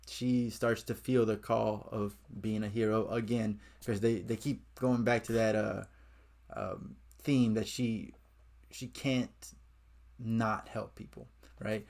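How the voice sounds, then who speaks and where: A man's voice: on the low side, a little mellow. A man talks through a comic book review in a loose, conversational way. He recaps the plot and keeps adding his own opinions as he goes.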